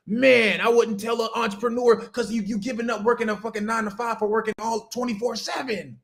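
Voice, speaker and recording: A very high-pitched male voice, steady in tone and a bit bright, runs a little fast with hardly any pauses. The speaker, a livestream host and business coach, talks directly to chat while giving a profane, emphatic motivational rant on business.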